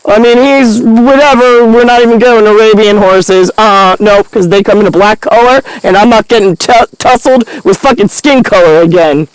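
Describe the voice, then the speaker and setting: A woman's voice: fairly high pitch, normal speed, hardly any pauses, clean tone, no echo, rough recording. A woman delivering a rambling, angry, profane monologue to the camera.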